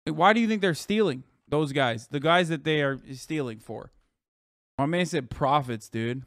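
Brief: high-pitched male streamer, fervent profane rant, dry close sound. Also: moderate pace, fairly bright tone, dry recording. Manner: fervent, swearing, ranting rhetorical questions. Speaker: streamer reacting to a clip. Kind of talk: profane heated commentary.

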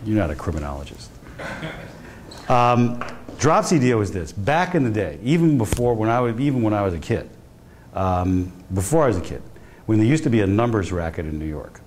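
A male professor with a lowish, sing-song voice speaks at normal speed over slight background noise. Giving a guest lecture in a university hall, he tells stories conversationally and frequently restarts his sentences.

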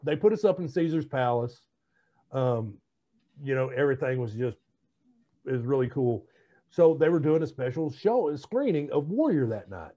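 A man's voice: mid-range voice, animated, moderate pace, warm tone, highs cut off. A man co-hosting a casual podcast, telling rambling stories in a chatty way. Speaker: podcast co-host. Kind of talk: casual chat.

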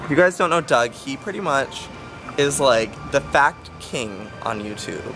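Young male vlogger, animated pitch, playful and rambling; music bed underneath. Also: unhurried. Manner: chatty, filler-heavy, jokey, squeals into falsetto bits. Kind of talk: casual vlog chat.

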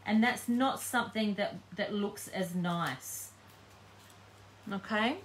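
A woman's voice: mid-range voice, slow, slight background noise. A woman giving a live painting tutorial, chatting casually and thinking aloud as she works. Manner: chatty, thinking aloud while working, frequent ums. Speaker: craft demonstrator.

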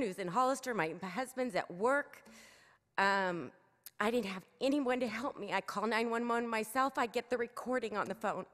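A woman's voice: a little high, a bit bright. A middle-aged woman, giving an emotional, urgent public comment at a council meeting through a podium microphone. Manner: earnest, urgent, emotional pleading. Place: city council chamber. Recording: echoey council chamber.

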